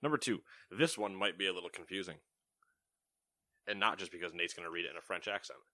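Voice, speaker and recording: A man's voice: low-pitched, fast talker, bright, forceful tone, dry recording, studio quality. A man co-hosting a casual gaming news podcast, joking and laughing often as he reads stories. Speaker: co-host reading gaming news.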